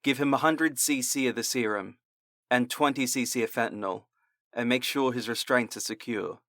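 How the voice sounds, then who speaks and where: A man voicing a brisk male doctor who gives curt, matter-of-fact orders. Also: medium pitch, fairly bright tone, dry recording, clean studio sound, lightly acted. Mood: businesslike.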